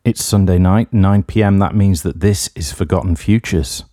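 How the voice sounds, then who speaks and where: A man's voice: deep voice, normal speed, mellow, no echo, clean studio sound. A man hosting a music radio show, introducing tracks in a wry, self-deprecating, rambling way. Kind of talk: casual radio DJ links.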